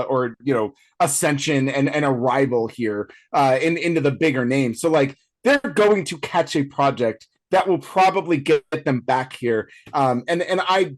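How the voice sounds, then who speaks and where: A man co-hosting a casual film podcast, talking chattily with many fillers and restarts. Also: medium pitch. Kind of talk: casual chat.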